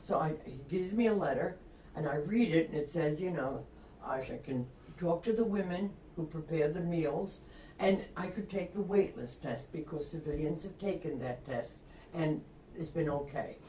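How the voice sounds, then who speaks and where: An older woman from Long Island, a retired reporter, telling a lively anecdote and acting out the voices of people in it. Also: sits low, normal speed, a little hiss or hum. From Long Island, New York. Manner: lively, acts out quoted voices, laughs often. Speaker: interview guest, retired reporter. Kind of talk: anecdotal storytelling. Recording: roomy, distant mic.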